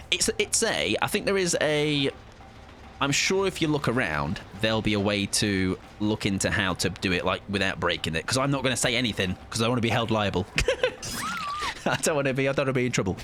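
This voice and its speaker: A man's voice: mid-range voice, normal speed, fairly bright tone, a little hiss or hum. A young man casually commenting on his live gameplay, joking, swearing and taunting in mock-villain fashion. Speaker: streamer.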